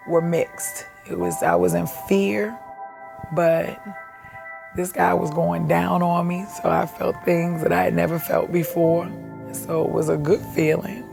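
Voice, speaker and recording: A woman candidly recounting her own life in a documentary, halting and reflective, with music behind her. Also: lowish voice, creaky. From Baltimore, USA. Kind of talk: personal documentary testimony. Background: background music.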